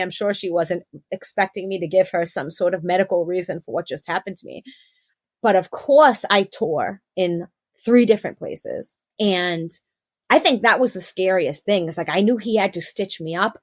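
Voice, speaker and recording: A young adult woman telling her personal birth story on a podcast, animated and acting out the quotes. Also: lowish voice, moderate pace, no room sound. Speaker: podcast guest.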